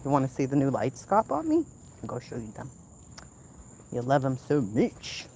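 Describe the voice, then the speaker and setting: A woman's voice: rumbling low, huge pitch swings, normal speed, a little hiss or hum. A woman from the southern United States chatting casually on a phone stream while walking outdoors at night. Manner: chatty, calls out loudly to her kid, drops to a whisper. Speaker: channel host.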